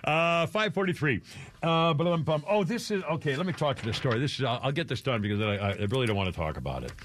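A man's voice: medium pitch, animated, quick pace, fairly bright tone, slight background noise. A man hosting a radio show, talking casually in a rambling, chuckling way with many restarts.

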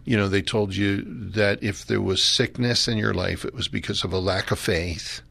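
A gravelly, low-voiced older man from Philadelphia. He speaks with a bright, forward edge and recalls his past in a relaxed, rambling way, chuckling now and then. The sound is dry and close. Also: normal speed, dry recording. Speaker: pastor. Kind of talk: interview storytelling.

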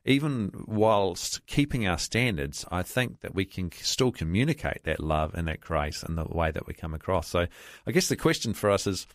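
A man's voice: low voice, big pitch swings, no echo, studio quality. A man co-hosting a Christian talk radio show, speaking earnestly with frequent restarts. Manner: earnest, halting with many restarts.

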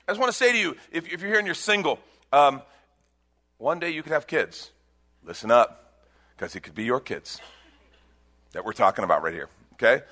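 A man preaching a sermon as pastor, animated, acting out little voices. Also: mid-range voice, normal speed, long pauses.

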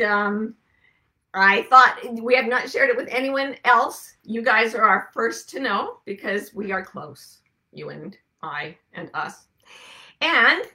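A woman's voice: fairly high pitch, pushed and bright. A woman hosting her weekly broadcast, talking to viewers in a rambling, conversational way with frequent asides. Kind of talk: casual monologue to viewers.

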